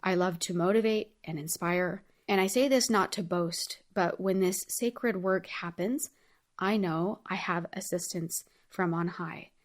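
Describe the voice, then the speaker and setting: A woman hosting her own show, talking through a personal story in an earnest, heartfelt way, chatty and full of casual fillers. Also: fairly low pitch. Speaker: podcast host. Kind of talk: personal reflective monologue.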